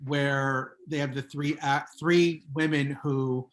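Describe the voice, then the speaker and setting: A man speaking as a guest author on a video call, telling relaxed anecdotes in a chatty way. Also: fairly high pitch, slow pace. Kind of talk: casual Zoom talk.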